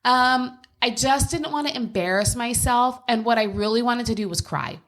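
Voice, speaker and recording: A woman's voice: fairly high pitch, moderate pace, a bit bright. A woman co-hosting a podcast from home, telling a personal story in a candid, blunt casual chat, with frequent swearing. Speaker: podcast co-host.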